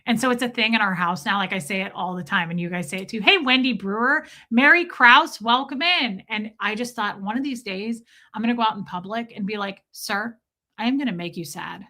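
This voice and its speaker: A woman's voice: mid-range voice, fairly quick, hardly any pauses, bright, forceful tone. A middle-aged woman hosting a casual livestream, chatting in a rambling way, filling her talk with "like" and greeting commenters by name mid-story. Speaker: livestream host.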